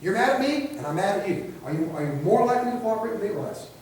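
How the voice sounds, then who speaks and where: A man's voice: high voice, very animated, a little mellow, slight background noise. A man teaching a training class, chatting with the group, firing rhetorical questions at them and acting out short scenarios in quoted voices. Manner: acts out quick street scenarios in quoted voices. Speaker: instructor. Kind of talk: classroom lecture. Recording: echoey room, picked up from a distance.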